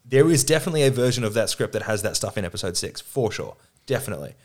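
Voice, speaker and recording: A man's voice: lowish voice, expressive, rapid-fire, darkish tone. A man chatting on a podcast at a table, a film producer who swears freely and tells stories with acted-out quotes. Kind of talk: casual podcast chat. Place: around a table with two others.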